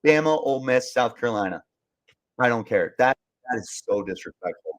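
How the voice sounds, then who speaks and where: Young guy fired up about rankings, keeps repeating himself, mid-pitch voice. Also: animated, brisk. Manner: exasperated, emphatic, repeats himself for emphasis. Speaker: sports podcast host. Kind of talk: fired-up sports talk, reading live comments.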